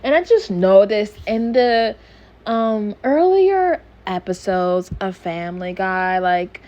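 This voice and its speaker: A woman's voice: mid-range voice, highs cut off. A woman casually recapping a cartoon episode, rambling and swearing freely as she chats. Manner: rambling, profane, chatty. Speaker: YouTuber reviewing a cartoon episode.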